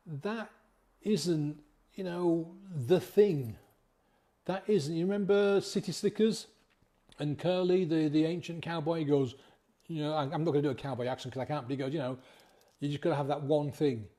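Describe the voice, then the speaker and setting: A man's voice: a little high, warm tone. Rambling man giving encouragement. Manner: rambling and encouraging, with many restarts and rhetorical questions. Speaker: sobriety coach. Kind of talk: casual motivational talk.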